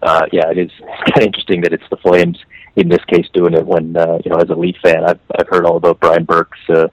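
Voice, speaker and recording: A man from Canada talking hockey on a podcast, animated and full of restarts, his pitch leaping on stressed words. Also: a little fast, no room sound, highs cut off. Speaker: hockey writer guest. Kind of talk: casual podcast chat.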